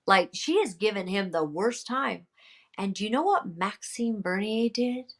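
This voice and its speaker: A woman speaks as a guest in a casual podcast interview. Her voice sits at an ordinary middle pitch. She retells events emphatically, and her lively storytelling is scattered with "you know" fillers. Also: a little slow. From Canada. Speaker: podcast guest, political candidate.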